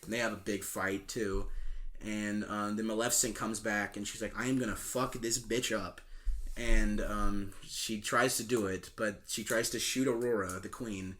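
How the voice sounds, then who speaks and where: A man's voice: lowish voice, little pitch movement, normal speed, a bit bright. A young man co-hosting a film podcast, casually retelling a movie plot with swearing, laughter and silly quoted voices. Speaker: podcast co-host.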